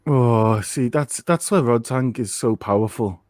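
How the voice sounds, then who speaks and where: A man co-hosting a live fight watch-along, chatting casually and jumping up in pitch when he reacts. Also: a little slow, a little mellow, dry recording, clean studio sound. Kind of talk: casual live commentary chat.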